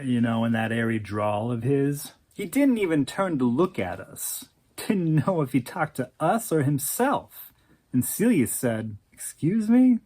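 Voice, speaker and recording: A woman reads out a scripted oral-history story at an unhurried pace. Her pitch rises and falls a lot, which keeps the telling expressive. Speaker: narrator.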